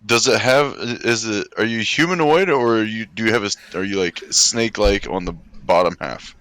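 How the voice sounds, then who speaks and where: A man playing a tabletop game, excitable and laughing, swearing freely in casual chat. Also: lowish voice, normal speed. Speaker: player.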